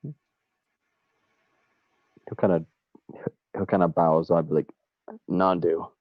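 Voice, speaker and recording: A man's voice: deep voice, measured pace, husky, no room sound, dull audio. A man playing in a tabletop game who describes his character's actions hesitantly, with many restarts. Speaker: player.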